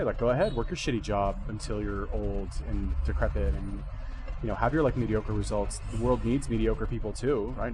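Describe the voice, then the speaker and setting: Guy rambling and cursing, lowish voice, restarts a lot, traffic noise in the back. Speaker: vlogger reacting to a clip. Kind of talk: casual rambling commentary.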